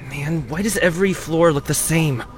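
A man's voice: a little high, moderate pace, over music, natural voice. An actor playing an easygoing man in a radio ad who keeps getting lost, speaking in a laid-back, cheerful way. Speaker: ad character. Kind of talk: radio ad acting.

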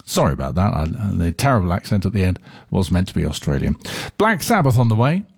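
A man's voice: deep voice, sing-song, fairly quick, creaky, breathy edge, dry recording. A man presenting a rock radio show from the studio, chatting casually between songs with frequent fillers. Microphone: studio microphone.

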